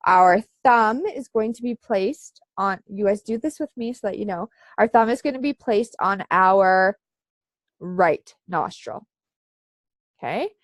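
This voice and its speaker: With a medium-pitched, slightly stuffy voice, a woman guides a live online breathing session. Her instructions are easygoing and conversational, sprinkled with frequent fillers, in a space with no echo.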